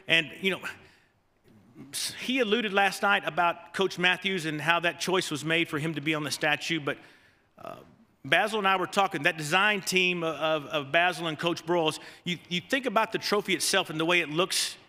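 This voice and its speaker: A man's voice: on the high side, bright, forceful tone. A man giving a folksy, self-deprecating ceremony speech full of stories, with fillers and restarts. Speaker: award speaker, former assistant coach. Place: banquet hall. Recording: long reverb of a large hall.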